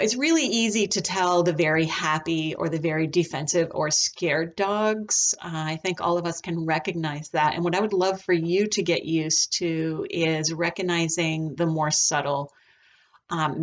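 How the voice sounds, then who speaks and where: A woman teaching a recorded lesson on dog behavior, talking in a relaxed, chatty way with frequent ums. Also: deep voice. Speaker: dog trainer.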